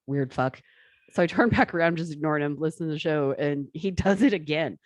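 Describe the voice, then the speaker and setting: A woman co-hosting a podcast, telling stories in a profane, animated way. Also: deep voice, fast talker, no room sound. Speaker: podcast co-host. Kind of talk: casual chat.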